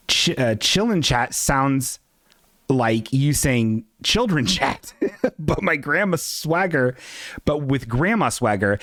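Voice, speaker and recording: A man hosting a casual livestream, talking in a rambling, profane, self-mocking way. His voice sits at an ordinary pitch and sounds close and dry. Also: fairly bright tone, no room sound. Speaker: live show host.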